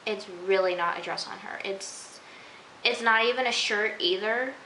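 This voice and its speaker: A young woman recaps a TV episode for a casual vlog, chatty and giggly and full of "like" and "you know." Her mid-range voice has a sharp tone at normal speed, recorded in an echoey room with faint hiss.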